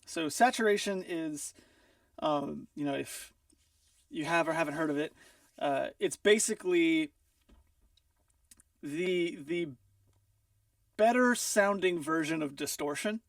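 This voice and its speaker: Gravelly man explaining mixing, off-mic. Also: a little high, a little slow, pauses often, fairly bright tone, no room sound. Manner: thinks aloud with many ums and restarts. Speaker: mixing engineer teaching. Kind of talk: casual technical explanation. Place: music studio. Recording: dry, a bit far from the mic.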